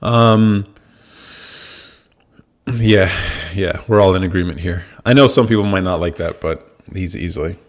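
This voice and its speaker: A young American man hosting a live podcast, telling a story in a casual, animated way and swearing freely. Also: low-pitched, measured pace, long pauses. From United States. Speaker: podcast host. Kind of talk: casual livestream talk.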